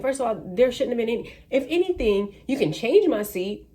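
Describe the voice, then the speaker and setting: A woman's voice: a little high, brisk. A woman, a flight attendant, telling a story in a casual ranting vlog and acting out the people in it. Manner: animated, acts out voices of people in the story. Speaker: vlogger.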